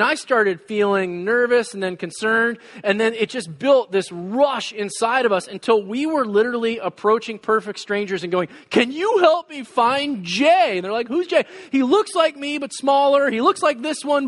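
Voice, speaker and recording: High-voiced man preaching in a reverberant hall. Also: a bit bright. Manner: storytelling, many fillers and throat clearing. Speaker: pastor. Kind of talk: sermon. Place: church hall.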